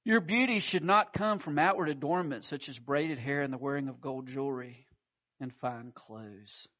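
A man's voice: mid-range voice, normal speed, bright, forceful tone, highs cut off. A man preaching a sermon, telling stories with acted-out quotes and frequent restarts. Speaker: pastor.

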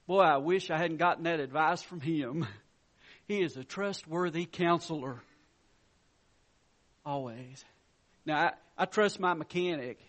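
A man with a high voice preaches from the pulpit. He tells everyday stories to make his point. His delivery swings between loud emphatic lines and soft, quiet ones. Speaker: pastor. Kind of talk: sermon.

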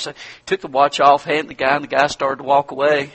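A man's voice: a little high, monotone, brisk, a bit bright. A male preacher giving a sermon in a folksy, storytelling manner.

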